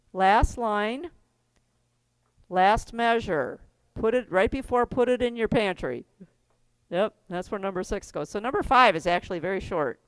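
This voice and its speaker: A woman's voice: medium pitch, clear, resonant tone, no room sound. A middle-aged woman teaching a keyboard class, giving step-by-step instructions in a chatty way and laughing often.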